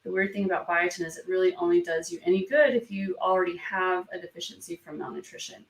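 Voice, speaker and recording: A woman hosting a live stream, reading viewer comments aloud in a soft, hesitant way while fighting back tears. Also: on the low side, steady tone, fast. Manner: soft, hesitant, many ums and restarts. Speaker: beauty vlog host. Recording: roomy sound from a distance from the mic.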